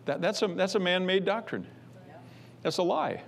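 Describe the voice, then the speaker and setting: Man, pastor, sermon, emphatic, repetitive, loud bursts, fairly high voice. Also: animated, moderate pace, creaky.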